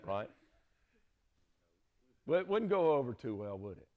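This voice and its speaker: A man's voice: mid-range voice, very animated, measured pace, phone-quality sound. Southern guy teaching bible class, folksy, tells stories, keeps asking "right?", middle-aged. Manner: folksy, storytelling, frequent "right?" checks.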